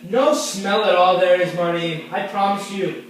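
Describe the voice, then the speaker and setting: A man's voice: high voice, moderate pace, natural voice. A man playing a frail, whiny old mother in an amateur stage play, speaking with a plaintive, needling manner. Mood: fretful. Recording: echoey room, mic far off.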